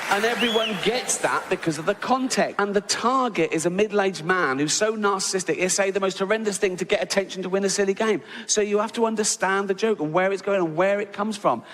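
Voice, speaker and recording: A man's voice: high voice, fairly quick, hardly any pauses, a bit bright, big-room sound, a faint crowd. A man with an English accent doing a stand-up routine, telling stories loosely and profanely and tagging lines with "right?", recorded live in a comedy venue. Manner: loose, profane storytelling with constant "right?" tags.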